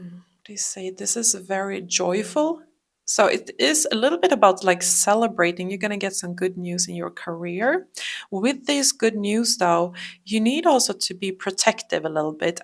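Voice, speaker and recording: A woman giving a calm tarot reading, talking slowly and often dropping into a whisper. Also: medium pitch, gravelly. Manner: slow, calm, drifting into whispers. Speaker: tarot reader. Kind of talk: soft-spoken tarot reading.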